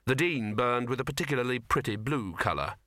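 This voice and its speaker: Bright-voiced man narrating a comic novel. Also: mid-range voice, lively intonation, brisk, dry recording. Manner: dry comic storytelling. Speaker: audiobook narrator. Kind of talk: scripted narration.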